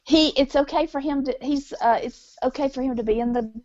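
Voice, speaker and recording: A woman's voice: sits high, fairly quick, darkish tone, no room sound. A woman co-hosting a podcast in casual chat, wry and matter-of-fact. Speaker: podcast co-host. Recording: dry, slightly muffled lo-fi audio.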